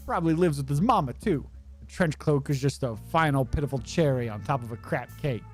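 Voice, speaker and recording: A man voicing a cocky male squirrel mobster who trades fast, taunting insults. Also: mid-range voice, soft background music, natural voice. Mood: sneering. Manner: fast, taunting trash talk.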